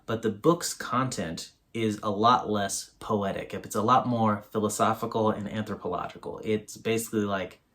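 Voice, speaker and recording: A man's voice: lowish voice, steady tone, moderate pace, hardly any pauses, a bit bright. A man giving a casual, rambling book review on his video channel, full of fillers.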